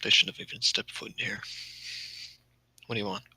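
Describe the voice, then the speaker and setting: A man's voice: bright, forceful tone, no echo, low-quality recording. Man doing a curt, hostile dwarf craftsman. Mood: guarded. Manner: curt, menacing, low and slow. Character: gruff male dwarf craftsman, hostile and suspicious.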